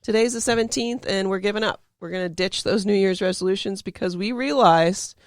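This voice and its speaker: A woman's voice: mid-range voice, a little fast, no room sound. A woman hosting a podcast in casual chat, playful and bubbly with a sing-song delivery. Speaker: podcast host.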